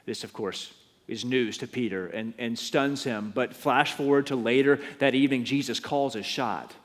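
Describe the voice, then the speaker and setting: A man preaching a sermon as pastor, telling the story with animated, acted-out delivery. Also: mid-range voice, normal speed. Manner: animated storytelling, acting out scenes. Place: church. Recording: long church reverb.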